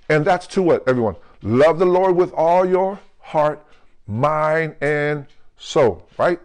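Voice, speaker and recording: A male pastor preaching a lively, jokey sermon, who keeps calling out to the congregation and slows down to stress scripture words. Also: on the high side. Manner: calls out to the congregation with questions like "right?" and "come on".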